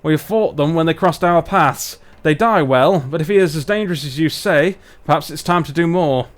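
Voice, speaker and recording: A man voicing a proud, gruff male dwarf leader from the frozen north, in a put-on northern British accent and a formal, stern manner. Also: fairly high pitch, moderate pace, natural voice.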